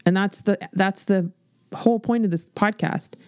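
A woman in her forties hosting a podcast as a business coach, talking in a blunt, animated, swear-filled motivational style. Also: medium pitch, normal speed, clear, resonant tone, no echo. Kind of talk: casual motivational podcast monologue.

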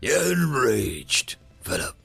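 A man's voice: mid-range voice, big pitch swings, takes it slowly, creaky, fairly bright tone, slightly rough, faint music behind, exaggerated voice. A man voicing a defeated male traitor in armor, pleading with a voice crackling with static.

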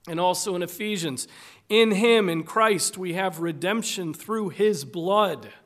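A male preacher delivering a sermon, reading scripture slowly and deliberately with dramatic, emphatic swells. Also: high voice, a bit bright.

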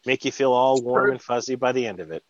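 A man's voice: medium pitch, fast, dry recording, highs cut off. Stammering, self-deprecating male co-host. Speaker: podcast co-host. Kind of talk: casual podcast banter.

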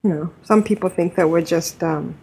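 A woman hosting a gaming podcast in casual chat, with a breathy voice and a hesitant, sympathetic manner. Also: lowish voice, moderate pace, a little mellow, slight background noise, poor audio. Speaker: podcast host.

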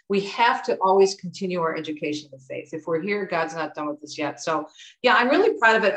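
A middle-aged woman from the United States with a lowish voice talks as an interview guest. She tells stories in a lively, chatty way. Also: rough recording. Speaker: author and guest. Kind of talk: conversational interview.

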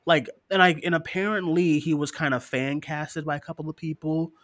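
A man's voice: a little high, moderate pace, no room sound. A man co-hosting a casual live-stream show, reading listener questions, laughing often and cursing freely. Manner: animated, profane, laughs often, mocking voices.

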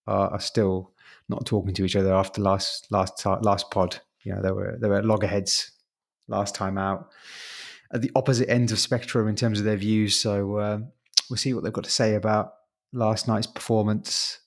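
A man hosting a football podcast in casual chat, halting and repeating words as he thinks. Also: fairly low pitch. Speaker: podcast host.

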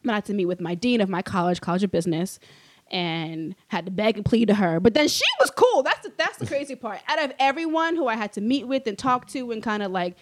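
Young woman guest, quick casual storyteller, lively and laughing, throws on loud high voices for quotes.

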